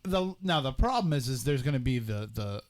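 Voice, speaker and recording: A man from Massachusetts hosting a casual radio talk show, ranting in an opinionated, animated way. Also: medium pitch, fairly quick.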